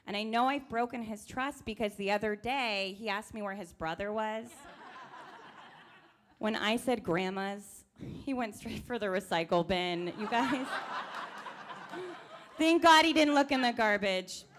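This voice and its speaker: A woman in her thirties doing a stand-up comedy set on a live stage, animated and playing her child's lines in a higher voice. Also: measured pace, a little hiss or hum.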